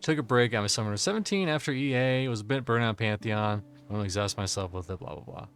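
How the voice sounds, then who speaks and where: A man's voice: on the low side, fast talker, fairly bright tone, faint music behind. Tipsy joking male game streamer. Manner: joking, crude, talks to chat by name. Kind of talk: casual live-stream chat.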